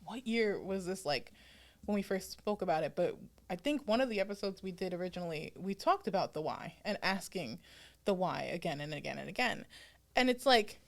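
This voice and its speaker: A woman's voice: lowish voice, animated, brisk. A woman co-hosting a podcast in casual chat, thinking aloud in a reflective way with lots of filler words. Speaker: podcast co-host.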